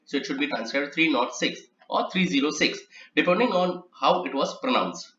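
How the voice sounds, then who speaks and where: A man's voice: a little high, expressive, moderate pace, pushed and bright. A man gives an instructional lecture on transcription rules, explaining patiently and spelling out each example. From India. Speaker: transcription trainer. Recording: echoey, slightly muffled room recording.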